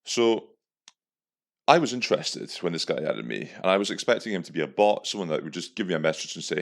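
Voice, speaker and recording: A man's voice: deep voice, very animated, fairly quick, gravelly. A man hosting a comedic solo podcast, telling a story in a sarcastic, rambling way. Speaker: podcast host.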